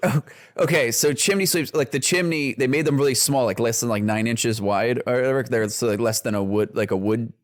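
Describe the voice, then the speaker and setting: A man's voice: medium pitch, fairly quick. A man co-hosts a casual comedy podcast and rambles through a story. He swears freely, restarts his sentences and laughs often. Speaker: podcast co-host.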